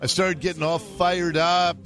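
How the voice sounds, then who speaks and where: A man in his fifties hosting a radio talk show, excitable and joking. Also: high-pitched, unhurried, soft background music. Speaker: radio host.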